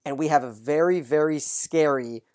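This podcast host, speaking in a mid-range voice, goes through listener mail and then summarizes a TV episode at a brisk, even clip.

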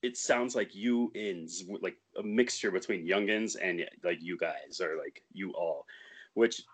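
A young man in casual podcast chat, a guest from a band, relaxed and quick to laugh, with some swearing. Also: sits low, breathy edge. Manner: laid-back, swearing, laughs often.

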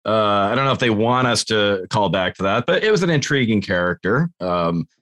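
A man's voice: fairly low pitch, lively intonation, brisk, a bit bright. A man co-hosting a podcast, asking rambling, jokey questions in casual chat. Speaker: podcast co-host.

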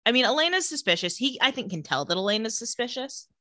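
A woman co-hosting a casual chat, retelling scenes and quoting characters in quick voices. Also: on the high side, lively intonation, sharp tone, no echo. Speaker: podcast co-host recapping a TV episode.

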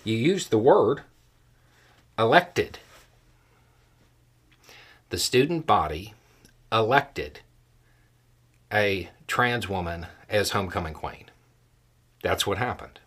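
Husky-voiced man giving political commentary. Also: fairly low pitch, animated, takes it slowly, long pauses, fairly bright tone.

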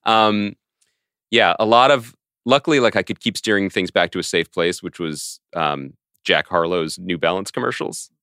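A man co-hosting a podcast in casual chat, telling stories in an excitable, self-mocking way. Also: low voice, normal speed, smooth, no room sound, studio quality. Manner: animated, excitable storyteller with self-mocking asides. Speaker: podcast co-host.

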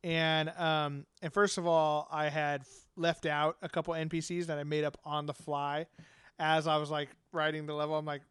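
A man hosts a casual podcast chat, rambling through his stories with many fillers and laughter. His voice sits a little high and sounds smooth and resonant. The recording is dry and close. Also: level tone, moderate pace, fairly bright tone, no room sound. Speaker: podcast host and game master.

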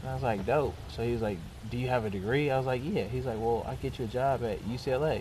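A young man casually telling a long personal story, animated and often laughing as he goes. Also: mid-range voice, fast talker, slight background noise. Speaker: storyteller guest.

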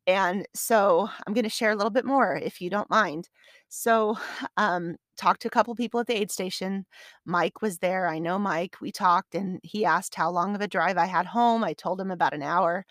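A woman's voice: mid-range voice, no echo, studio quality. A woman hosting her own podcast, telling a long personal story in a chatty, rambling way with many restarts. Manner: gets emotional and tearful while recounting. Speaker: podcast host. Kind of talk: casual solo podcast recap.

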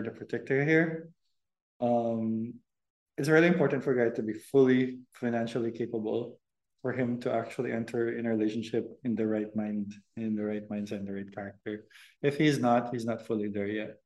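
A man co-hosting a podcast with his girlfriend, the host, talks earnestly about dating, hesitating with frequent ums and laughing often. His voice is medium-pitched and darkish with fairly even intonation at a moderate pace, in an echoey room.

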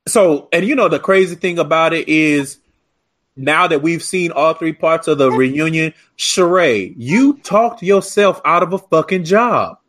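A man's voice: fairly high pitch, expressive, a little slow, fairly bright tone. Sassy, profane man recapping gossip. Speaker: podcast co-host. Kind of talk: casual reality-TV recap chat.

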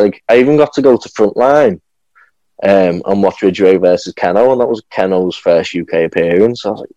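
A man's voice: low voice, a little fast, mellow, dry recording, highs cut off. A young man chatting casually as a podcast guest, rambling with lots of fillers and restarts. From England. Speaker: guest, professional wrestler.

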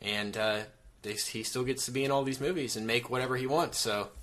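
A man's voice: medium pitch, fairly even intonation, brisk, a bit bright. A man hosting a casual movie chat podcast, laid-back and asking the others questions.

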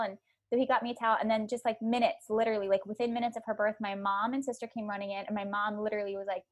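A woman's voice: medium pitch, very fast. Chatty woman telling a birth story. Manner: animated storytelling, many likes and ums. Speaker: podcast guest.

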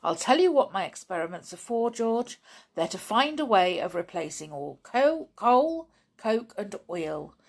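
A woman's voice: mid-range voice, very animated, measured pace. A woman voicing an earnest scientist father. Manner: earnest, explaining. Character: earnest middle-aged male scientist father. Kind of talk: audiobook reading.

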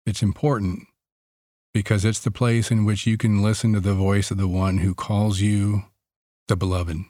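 A man leading a guided Christian meditation, speaking softly and slowly with long pauses between phrases. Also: fairly low pitch, no room sound, clean studio sound.

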